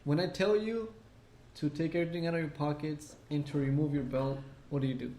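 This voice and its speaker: A man with a somewhat high voice tells stories on a casual podcast, cursing constantly and playing every part himself. His sound rings around an echoey room. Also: a little fast, a little hiss or hum. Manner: profane, animated storyteller acting out quotes. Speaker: podcast co-host. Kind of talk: casual drunk podcast chat.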